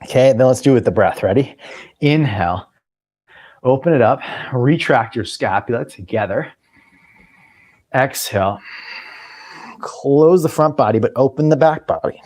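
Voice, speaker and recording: A man's voice: medium pitch, moderate pace, long pauses. Guy teaching yoga, calls the breaths, chill, bit of a tickle in his throat. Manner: cueing breath and movement, relaxed with small apologies. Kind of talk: guided yoga class instruction.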